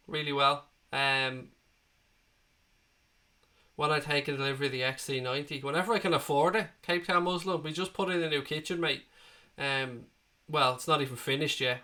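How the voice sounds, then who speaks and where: A man from Ireland in his thirties, getting over being sick, chats casually through a live football watchalong and answers viewers' comments individually in a matey manner. His voice is mid-range, bright and forceful.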